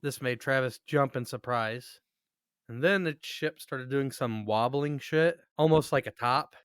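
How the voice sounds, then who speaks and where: A man's voice: medium pitch, a little slow, fairly bright tone, clean tone, no room sound, studio quality. A man co-hosting a podcast, telling a story in a crude, joking way with plenty of swearing. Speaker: podcast co-host. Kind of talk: casual storytelling chat.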